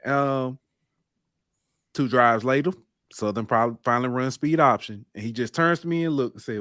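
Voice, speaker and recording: A man co-hosting a casual sports podcast, telling game-day stories with lively swings in pitch and loudness. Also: normal speed, no echo, studio quality. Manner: animated storytelling, rises in pitch and volume when excited. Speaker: podcast co-host.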